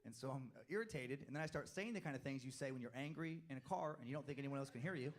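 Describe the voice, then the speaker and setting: Family tales drive this man's stand-up set, delivered in a medium-pitched voice with animated energy, brief acted-out bits, and asides he laughs through.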